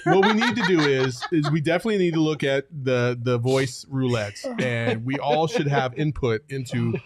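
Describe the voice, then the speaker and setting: A man's voice: mid-range voice, moderate pace, heavy background noise. A man co-hosting a sports podcast, bantering in a joking, emphatic way. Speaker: podcast co-host.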